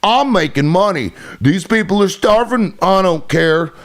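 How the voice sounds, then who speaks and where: A man's voice: high voice, animated, measured pace, pitched above the performer's own voice. A man voicing a smug, greedy rich man in a sarcastic impression during a livestream rant.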